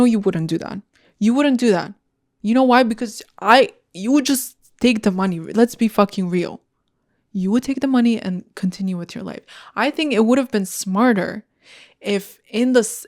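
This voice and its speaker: With a darkish tone at medium pitch, a young female podcast host rants alone on her show. She is blunt, heated and swears freely in this casual solo episode.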